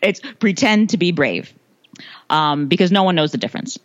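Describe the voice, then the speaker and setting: A woman's voice: lowish voice, animated, moderate pace, dry recording, dull audio. A woman in her thirties from the United States, a podcast guest chatting about motherhood, laughing often and restarting her phrases. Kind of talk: casual interview answers.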